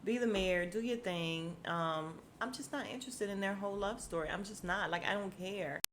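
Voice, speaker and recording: Animated slangy woman recapping a show. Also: medium pitch, normal speed, background noise. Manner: animated, slangy, acts out characters' lines, laughs often. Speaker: podcast host recapping a TV episode. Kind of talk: casual episode recap.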